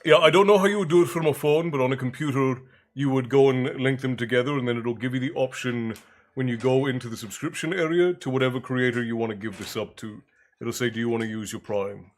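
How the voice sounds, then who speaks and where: Speaking at a quick pace in a medium-pitched voice, this man runs a laid-back live stream. He's chatty, reading out viewer messages and thanking people by name.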